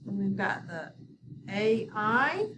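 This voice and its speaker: A woman teaching a phonics lesson in a recorded video, slow and patient, often checking in with her students. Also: mid-range voice, big pitch swings. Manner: slow, patient, instructive with repeated prompts. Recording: distant mic with background noise.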